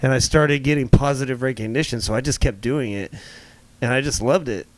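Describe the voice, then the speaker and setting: A man's voice: mid-range voice, brisk, no echo. A young man co-hosting a podcast, talking casually and at length, full of "like" fillers and swearing. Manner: rambling, heavy on "like", swears. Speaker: podcast co-host, rapper. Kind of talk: casual chat.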